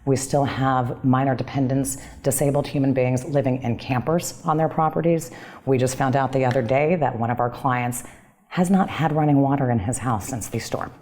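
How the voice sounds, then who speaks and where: A woman with an extremely deep voice speaks as an aid worker in an interview. Her tone is earnest and matter-of-fact. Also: moderate pace, darkish tone.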